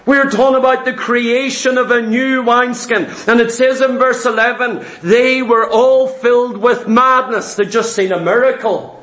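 A man with a very high voice delivers a sermon with emphatic, repetitive phrasing. His words ring out in an echoey room. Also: steady tone, moderate pace, few pauses. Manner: emphatic, repetitive preaching, rising to shouts. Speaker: preacher.

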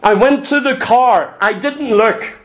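A man's voice: extremely high pitch, takes it slowly, a bit bright. A middle-aged man preaching a sermon in church, telling stories with emphatic repetition. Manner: storytelling, emphatic, repeats phrases.

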